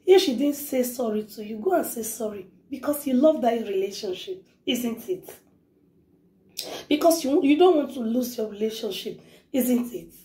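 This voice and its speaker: A woman delivers an emphatic, repetitive motivational talk. Her voice sits high but has a mellow, soft tone. The room around her sounds echoey. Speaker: vlogger.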